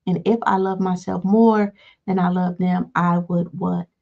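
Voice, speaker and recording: A woman coaching listeners on healing, often pausing with "all right" between points. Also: fairly low pitch, gravelly. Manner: repeats "all right" between points, acts out calm replies. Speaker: life coach. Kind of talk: motivational teaching talk. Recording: dull lo-fi sound.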